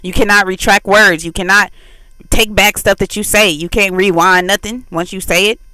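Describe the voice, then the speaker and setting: A woman's voice: medium pitch, fairly even intonation, moderate pace, pushed and bright, clear, resonant tone, no echo, rough recording. A woman hosting a faith channel, casually breaking down a song's lyrics. She talks loosely, with many fillers, and animatedly acts out the quoted lines. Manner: loose, repetitive "like" filled delivery.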